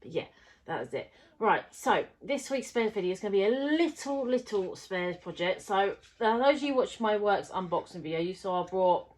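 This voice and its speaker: A woman's voice: medium pitch, animated, moderate pace, a little mellow, slight background noise. A woman talking casually to camera about a crafting project, rambling with lots of fillers and restarts. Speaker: crafting vlogger.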